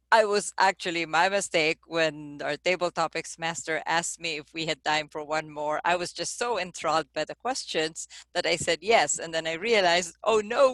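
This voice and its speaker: A woman's voice: on the low side, fairly bright tone, no echo. A woman chairing an online meeting over a video call, in a chatty, self-deprecating manner.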